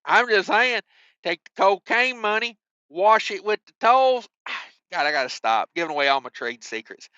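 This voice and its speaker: A man's voice: high voice, lively intonation, moderate pace, bright, forceful tone, no room sound, highs cut off. A man hosting a trucking news show, reading stories and breaking off into wisecracking asides with mild cussing. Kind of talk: reading news with joking commentary.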